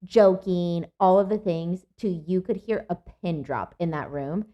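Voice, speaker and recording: A woman's voice: measured pace, highs cut off. Emotional young woman chatting casually. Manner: emotional, swings into high excited exclamations. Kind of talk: casual chat.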